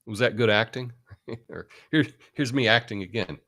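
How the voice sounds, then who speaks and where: A man's voice: medium pitch, moderate pace, a bit bright. Male host, casual live monologue, blunt and chatty, self-amused. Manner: chatty and blunt, tags lines with "right?"; laughs at his own asides.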